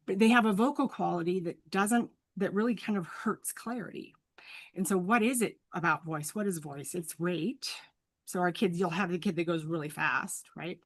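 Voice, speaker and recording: Low-pitched woman explaining clinical ideas. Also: moderate pace, dry recording. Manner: earnest, teacherly, with frequent "right?" check-ins. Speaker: speech-language pathologist guest. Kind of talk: explanatory professional conversation.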